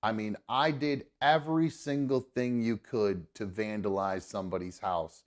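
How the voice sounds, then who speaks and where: A young man, a podcast host, telling a story in casual chat, profane and animated, acting out the people he quotes. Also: lowish voice, moderate pace.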